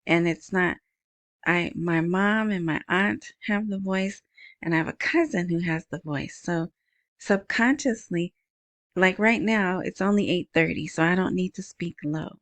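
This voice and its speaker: A podcast host with a soft, small, lowish voice chats her way through a solo episode at a measured pace, rambling from one point to the next and interrupting herself. She uses a wired earbud mic, so the sound is close and dry, with no room sound at all.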